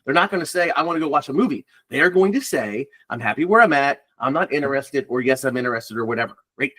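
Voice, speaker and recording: With a mid-range, bright, forceful voice, the recruiter talks fast and animatedly on a podcast, keeping it casual and blunt while swearing and dramatizing phone calls.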